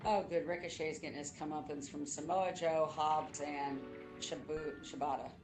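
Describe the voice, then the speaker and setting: A woman's voice: low-pitched, fairly even intonation, normal speed, music in the background. A middle-aged woman co-hosting a game stream, chatting casually and explaining things at length. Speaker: co-host, streamer's mother. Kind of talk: casual gaming stream chat.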